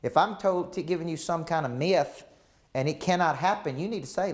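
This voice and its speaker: A man's voice: fairly high pitch, fairly quick. A man coaching a group of real estate agents live, acting out quoted dialogue as he talks. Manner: animated, acts out quoted dialogue. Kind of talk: live coaching session talk.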